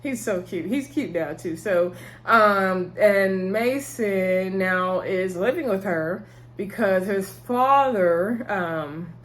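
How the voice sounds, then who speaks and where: A woman's voice: mid-range voice, slow pace. A woman, chatting casually as she recaps a TV episode, rambling and laughing often. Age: 30s. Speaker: TV show reviewer.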